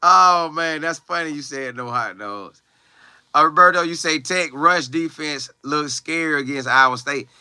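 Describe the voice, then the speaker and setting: A man's voice: on the high side, unhurried, pushed and bright, clean tone, no room sound, studio quality. A young man who plays college football, livestreaming and answering viewer comments in a loose, slangy, chatty way with frequent exclamations. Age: young adult. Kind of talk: casual live chat, reading viewer comments aloud.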